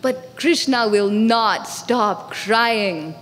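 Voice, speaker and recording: A woman telling a devotional story to a congregation, animated and acting out the characters. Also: fairly high pitch, very slow, big-room sound. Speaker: storyteller speaker. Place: temple hall.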